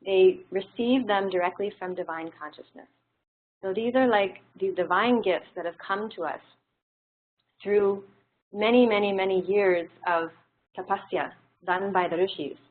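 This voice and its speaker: A woman teaching a classroom lesson in a relaxed, explanatory way, pausing on frequent fillers. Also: mid-range voice. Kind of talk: classroom lecture. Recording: tinny phone-like audio.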